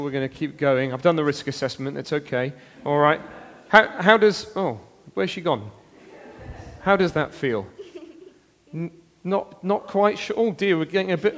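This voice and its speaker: A man preaching an interactive all-age sermon, lively and playful, with frequent exclamations. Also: on the high side, long reverb tail. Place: church.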